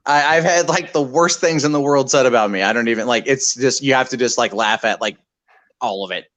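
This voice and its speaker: A man's voice: mid-range voice, a little fast, fairly bright tone. A man on his phone in a casual group chat, laid-back and shrugging things off.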